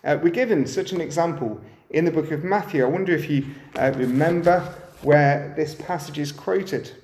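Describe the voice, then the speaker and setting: A man's voice: on the high side, normal speed, darkish tone, echoey room. A man preaching a sermon, often turning to the listeners with rhetorical questions.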